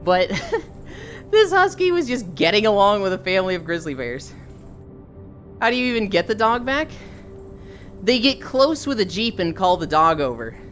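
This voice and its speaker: A woman's voice: mid-range voice, big pitch swings, normal speed, pauses often, soft background music. A young woman livestreamer chatting casually and telling stories, often breaking into laughter. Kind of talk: casual chat.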